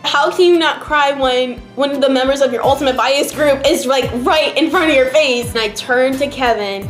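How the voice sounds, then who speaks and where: A woman's voice: high voice, moderate pace. A young woman from New Jersey chatting casually as a vlogger, rambling and emotional, filling her talk with "like". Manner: rambling, emotional, heavy use of "like". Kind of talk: casual chat. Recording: roomy echo, faint background music. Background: faint background music.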